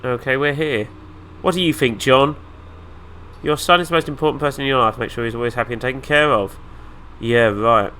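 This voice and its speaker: A man's voice: medium pitch, fairly quick, pushed and bright, slight background noise. A man with a nasal, flu-stuffed voice, giving casual, sarcastic commentary while playing a video game. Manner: sarcastic, exasperated asides. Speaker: let's play host.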